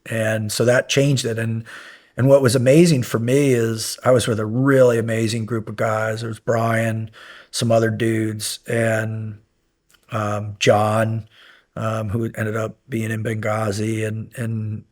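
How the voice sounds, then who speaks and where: A man's voice: on the low side, measured pace. A middle-aged man, a former military instructor, telling stories casually in an interview, rambling with many fillers and swearing when he gets worked up. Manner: rambling anecdotes with many fillers, profane and animated when recounting yelling. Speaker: podcast guest, former SEAL instructor.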